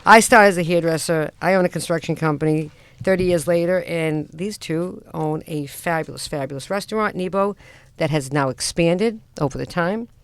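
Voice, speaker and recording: A woman's voice: sits low, moderate pace, smooth, no echo. A middle-aged woman with a Boston accent, hosting a radio talk show in a chatty, joking way. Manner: chatty, jokey, teasing. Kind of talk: casual chat.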